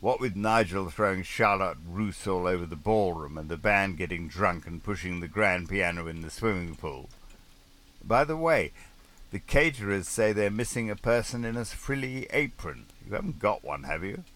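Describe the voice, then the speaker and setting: A man's voice: low-pitched, lively intonation, normal speed, a bit bright. A man doing a put-upon posh sailor. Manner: mock-aristocratic complaining.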